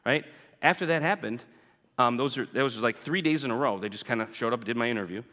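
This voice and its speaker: Talking quickly in a mid-range voice that sounds pushed and bright, a guest speaker shares a personal story with a congregation. He's chatty and keeps asking "right?", while the church sanctuary's long reverb fills the recording.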